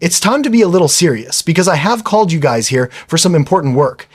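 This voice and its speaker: A pushy, goofy teenage boy from an anime, read by a man. He is casual and insistent, a little higher than a plain voice, and his pitch rises and falls a lot. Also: animated, fast talker, breathy edge, dry recording, clean studio sound.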